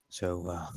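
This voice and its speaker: A man's voice: low-pitched, warm tone, husky. A man playing a tabletop game in character, speaking bluntly and profanely. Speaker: player. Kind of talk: in-character tabletop role-play.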